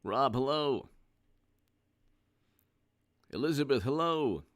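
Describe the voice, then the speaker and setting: A man's voice: mid-range voice, animated, slow pace, no echo, studio quality. A man commentating on politics in a casual, sarcastic, rambling live-stream chat.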